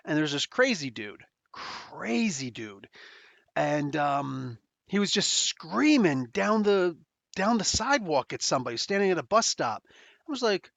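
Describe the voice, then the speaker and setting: A New Jersey man with a local accent hosts a podcast, telling a rambling, slangy story full of fillers and restarts. His voice is a little high and sing-song at normal speed, with vocal fry and a slightly bright tone, recorded dry.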